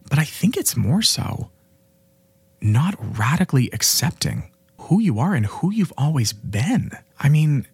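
Earnest young man with a husky, lively voice. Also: medium pitch, no echo. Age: 20s. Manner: earnest and fervent, with frequent "you know" and "right?". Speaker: podcast host and life coach. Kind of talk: motivational self-help monologue.

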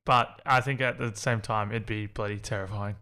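A man's voice: on the low side, steady tone, moderate pace, bright, forceful tone, smooth. Young man hosting a podcast. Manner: laughs easily, upbeat show intro. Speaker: podcast host. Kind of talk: casual chat.

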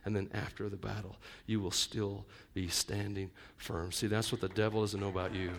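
Man preaching a lively, joking sermon. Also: on the low side, moderate pace, creaky, noisy background. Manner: conversational, joking asides with the congregation; swings between loud emphatic and quiet intimate delivery. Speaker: pastor.

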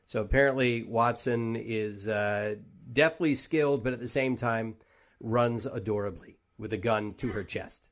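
A man's voice: medium pitch, measured pace. A man hosting a casual interview, chatty and joking as he reads out viewer questions. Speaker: podcast host.

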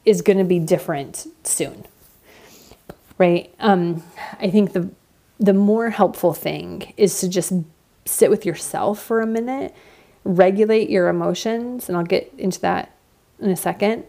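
A woman's voice: medium pitch, measured pace, creaky, mellow. A woman in her thirties hosting a podcast, talking candidly and reflectively in a casual monologue with lots of fillers. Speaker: podcast host.

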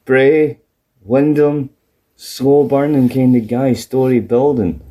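A young Scottish man co-hosting a podcast in casual chat, deadpan and jokey, spinning absurd scenarios. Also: mid-range voice, takes it slowly. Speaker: podcast co-host.

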